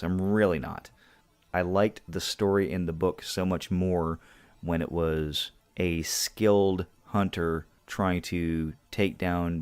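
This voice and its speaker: A man co-hosting a casual movie review podcast, making dry jokes and slowing down to make his points. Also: low-pitched. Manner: dry, joking asides, slows down to make points. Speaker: podcast co-host.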